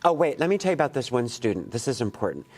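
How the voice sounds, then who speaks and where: In a college classroom, a male poet runs a workshop for students, his mid-range, husky voice very animated and racing along. He talks casually and digressively, full of asides and restarts. Candid and blunt, he curses freely.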